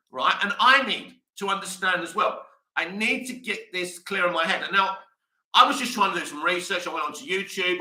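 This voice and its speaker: A man's voice: sits high, bright, forceful tone, reverberant, recorded from a distance. A man hosting a live movie news stream, talking passionately and rambling straight to his viewers. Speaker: movie news channel host.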